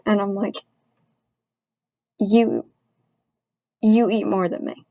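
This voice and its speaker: A woman vlogger venting in a personal rant to camera, frustrated and earnest, with halting restarts. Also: mid-range voice, fairly even intonation, vocal fry, dark tone, low-quality recording.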